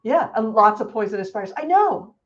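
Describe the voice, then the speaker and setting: A woman co-hosting a casual chat show, telling stories in an animated, swearing, easygoing way. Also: fairly high pitch, fairly quick, lo-fi sound. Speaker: podcast co-host.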